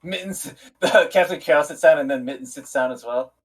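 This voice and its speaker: A man's voice: fairly high pitch, a little fast, breathy edge. A man narrating a tabletop game on a live stream as game master, casual, laughing often and swearing freely.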